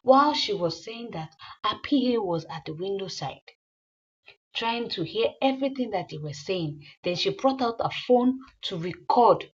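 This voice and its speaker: Brief: woman, casual film recap narration, mid pitch, muffled recording. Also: expressive, moderate pace. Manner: rambling, with fillers and repeats. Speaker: movie recapper. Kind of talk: casual plot retelling.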